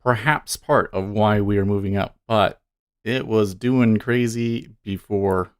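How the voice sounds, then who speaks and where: A man hosting a live trading stream, musing to himself in an unhurried drawl. He thinks aloud in casual commentary and answers chat along the way. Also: fairly low pitch, clean tone.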